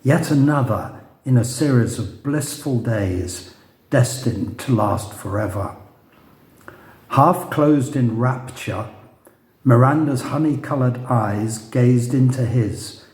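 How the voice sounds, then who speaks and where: A man's voice: medium pitch, slow, darkish tone. A man, the author, reading his novel aloud to a live audience, making hesitant asides and telling his story dryly. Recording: roomy echo.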